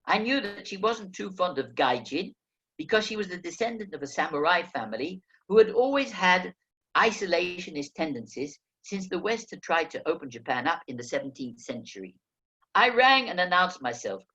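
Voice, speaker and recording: A man narrating a first-person memoir as an audiobook reader, telling the story in a lively way. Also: high-pitched, moderate pace, highs cut off. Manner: lively storytelling, acting out quoted speech.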